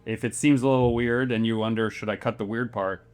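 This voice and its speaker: A man's voice: lowish voice, steady tone, brisk, clean tone. A man hosting a live convention panel, talking in a musing, story-driven way with rhetorical questions into a panel microphone. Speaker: podcast host moderating a convention panel. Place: convention panel room before an audience.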